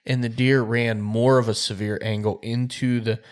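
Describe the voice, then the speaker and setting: Male podcast host, lively anecdote delivery, mid pitch. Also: moderate pace. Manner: animated storyteller, acts out quotes, laughs often. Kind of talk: casual storytelling chat. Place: garage.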